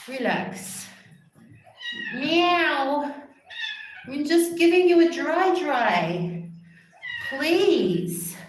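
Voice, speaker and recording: A woman's voice: mid-range voice, recorded from a distance. A woman on a livestream chatting and coaxing her cats through a wash in a small bathroom, breathless and exasperated. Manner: fussing and coaxing pets, exasperated. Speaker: vlogger washing her cats. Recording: very echoey bathroom, off-mic.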